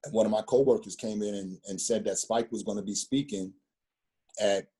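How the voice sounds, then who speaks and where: A man in his fifties spins a rambling personal story, circling back and repeating himself. His voice sits low and sounds husky. It has a dark, mellow tone. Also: a little fast. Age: 50s. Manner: rambling, repeats words, street slang. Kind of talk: casual storytelling conversation.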